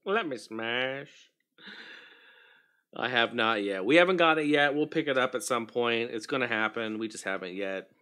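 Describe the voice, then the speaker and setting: Male livestream host with a bright, forward tone, easygoing chat with viewers, mutters through tech fixes. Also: medium pitch, normal speed. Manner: chatty, greets viewers by name, mutters while fixing tech.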